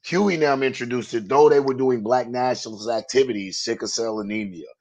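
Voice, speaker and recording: A man's voice: medium pitch, brisk, highs cut off. Man telling stories in casual talk. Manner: storytelling, digressive, animated when recounting. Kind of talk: casual political chat.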